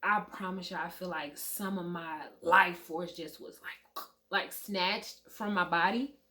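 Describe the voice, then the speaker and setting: A woman's voice: lowish voice, steady tone, unhurried, sharp tone. A woman, in her thirties, telling a personal story to viewers in a candid, conversational way, calling them y'all and swearing freely. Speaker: vlogger. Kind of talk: emotional storytime to camera.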